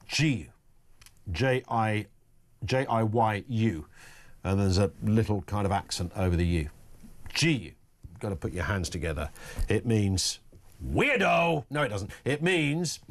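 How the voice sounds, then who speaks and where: Radio host guy ranting on air, middle aged, joking around sarcastically, normal pitch. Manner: rambling, joking, sardonic asides. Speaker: radio talk show host. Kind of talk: opinionated talk radio monologue.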